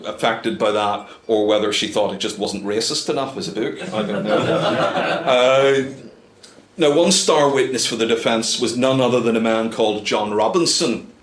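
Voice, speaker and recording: A man's voice: fairly low pitch, roomy sound, background noise. A man giving a humorous talk to a club, full of dry asides and hesitant ums. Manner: wry, dry asides with many ums and uhs. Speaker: guest speaker. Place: club meeting room.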